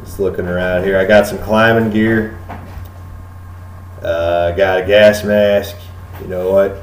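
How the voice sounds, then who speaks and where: A man's voice: deep voice, little pitch movement, unhurried, roomy sound, poor audio. A man narrating as game master in a tabletop game, loose and casual with lots of filler.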